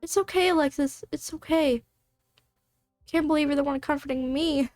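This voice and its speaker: A woman's voice: high voice, normal speed, darkish tone, no room sound, soft background music, lightly acted. A woman voicing a frightened, injured teenage girl who stammers and speaks shakily. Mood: soft. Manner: shaky, stammering, breathless.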